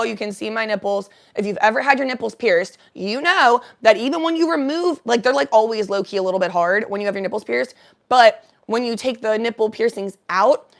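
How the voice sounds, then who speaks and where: A young woman vlogger telling a story in casual chat, chatty and profane, greeting viewers by name. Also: fairly high pitch.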